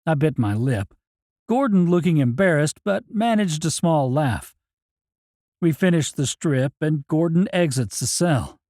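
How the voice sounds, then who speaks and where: A man reads a first-person audiobook in a plain, matter-of-fact manner. His voice sits a touch high yet sounds warm and mellow, recorded close and dry in a studio with no room echo. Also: animated, a little slow. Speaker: audiobook narrator.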